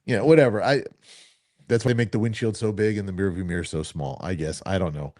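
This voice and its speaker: A man co-hosting a casual chat, telling self-assured, animated stories about selling. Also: low voice, quick pace, no echo, studio quality. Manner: animated, anecdotal, self-assured salesman talk. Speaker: co-host.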